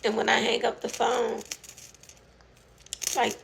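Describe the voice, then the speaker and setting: A young woman telling a personal story to her followers in a casual, emotional way, halting often and full of fillers and restarts. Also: on the high side, monotone, creaky, a little hiss or hum. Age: young adult. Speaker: TikTok storyteller.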